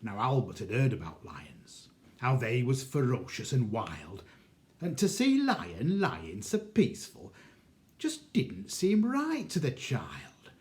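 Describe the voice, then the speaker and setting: A man, a librarian, reciting a comic rhymed monologue in a measured, theatrical storytelling manner. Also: medium pitch, huge pitch swings, darkish tone.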